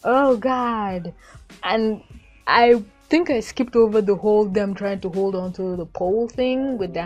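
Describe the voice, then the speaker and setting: A young adult woman casually reviewing a cartoon episode, excitable and gushing, acting out the characters' lines. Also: medium pitch. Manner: excitable, gushing, acts out quotes.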